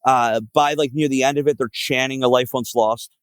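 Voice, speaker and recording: A man's voice: medium pitch, steady tone, normal speed, no room sound, rough recording. A man, a guest musician telling road stories in a casual podcast chat, profane and full of filler words. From Philadelphia area.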